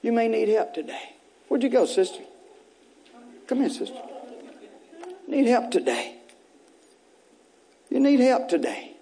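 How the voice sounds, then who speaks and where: A man's voice: very high voice, big pitch swings, measured pace, long pauses, mellow. A pastor preaching an Easter sermon. He repeats phrases to urge the congregation on and breaks in with casual, joking asides. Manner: repetitive, exhorting preaching with bursts of raised intensity.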